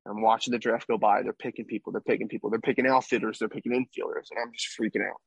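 A man's voice: on the low side, fairly even intonation, fast, creaky, slightly rough, no room sound, dull audio. A young man, a baseball player, recounting his past as a guest in a casual interview, rambling and tagging lines with "right?". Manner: rambling, tag questions like "right?".

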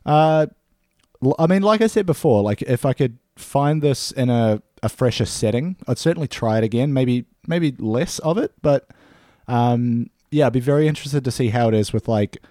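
A man co-hosting a casual podcast chat over beers, relaxed and halting, often repeating words. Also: mid-range voice, dry recording, clean studio sound. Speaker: podcast co-host.

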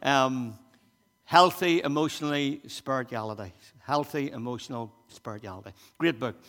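A man preaching a sermon as pastor, animated and repetitive, turning soft and quiet when he voices a prayer. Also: medium pitch, moderate pace. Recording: long hall reverb.

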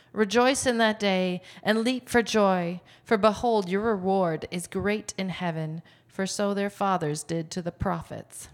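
A woman giving a formal, measured reading of scripture at a church service. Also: medium pitch. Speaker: scripture reader. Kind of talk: liturgical reading.

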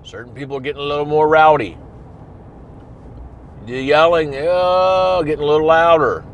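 A man's voice: a little high, moderate pace, slight background noise. A man telling a story in a blunt, profane, conversational way. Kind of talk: casual storytelling monologue.

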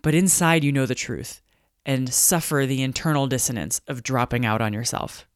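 A woman from Montana hosting a solo podcast, telling stories in an animated way and acting out voices of the people in them. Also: very deep voice, no echo, studio quality. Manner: animated storytelling, acts out quoted voices. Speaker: podcast host and business coach.

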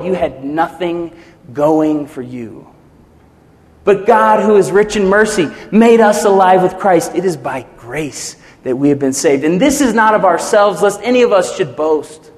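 A male pastor preaching a sermon, animated, acting out quotes with sudden swells and drops. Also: high-pitched, normal speed, in a large hall.

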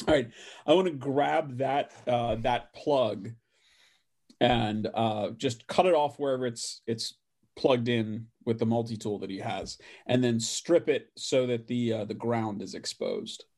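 A man playing in a tabletop game, describing his character's actions thoughtfully with many pauses. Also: mid-range voice, darkish tone. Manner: thoughtful, hesitant, many ums. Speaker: player.

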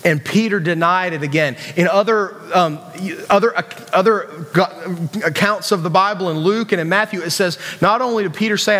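A West Virginian man preaching in a church hall, his voice high and carrying a long reverb. He talks in a loose, conversational way, restarting sentences and tossing asides to the room. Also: normal speed, fairly bright tone. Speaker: youth pastor. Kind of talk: sermon.

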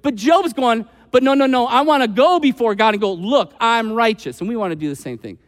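A man preaching a sermon as pastor, conversational and animated, acting out quoted voices with frequent asides. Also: extremely high pitch, fairly quick, long reverb tail.

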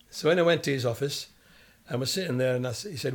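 Older Scottish ex-footballer, lively storyteller who mimics the people he quotes. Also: on the high side, a little fast. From Scotland. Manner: animated storyteller, acts out quoted voices. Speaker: guest, former footballer. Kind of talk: storytelling interview.

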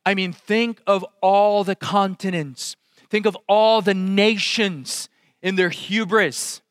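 A man preaching a sermon, swinging from loud exclamations to hushed, intense asides. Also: high-pitched, steady tone, takes it slowly, clear, resonant tone, no room sound, clean studio sound. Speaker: pastor.

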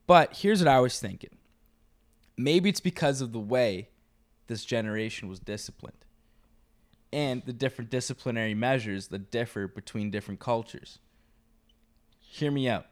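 A man's voice: fairly low pitch, very animated, moderate pace, long pauses. A man in his twenties co-hosting a podcast, talking loosely and profanely in rambling stories. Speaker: podcast co-host. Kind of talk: casual podcast banter.

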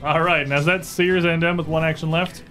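A bright, slightly high-pitched man narrates as game master, loose and chatty, dropping filler words as he describes the fight. Soft music plays behind him. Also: fairly even intonation, brisk. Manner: laid-back, chatty, frequent uh fillers.

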